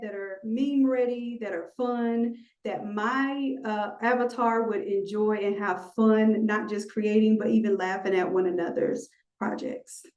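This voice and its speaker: A woman instructor teaching a live online design class, animated and playful, talking straight to her viewers. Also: a little high. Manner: animated, playful, talks to the audience. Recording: roomy echo.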